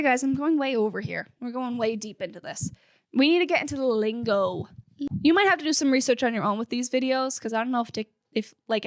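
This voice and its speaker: A woman's voice: fairly high pitch, no echo, clean studio sound. A young woman hosting a fan podcast, chatting casually and upbeat with lots of filler words. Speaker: podcast host.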